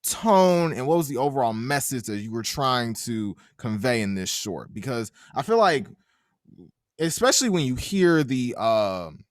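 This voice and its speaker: A young adult man hosting an interview, casual and expressive, asking long, earnest questions. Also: mid-range voice, measured pace, no room sound, clean studio sound. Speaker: interviewer host.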